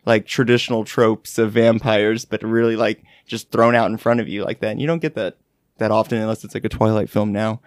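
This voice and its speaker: A man's voice: on the low side, fairly even intonation, brisk, no echo. A young man co-hosting a casual movie podcast, jokey and rambling with crude humor. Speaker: podcast co-host.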